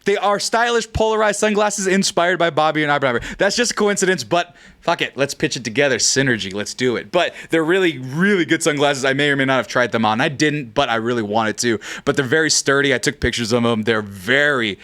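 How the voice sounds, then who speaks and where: A man's voice: medium pitch, brisk, fairly bright tone. A man hosting a livestream, rambling and joking through sponsor prize announcements and swearing casually. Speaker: podcast host.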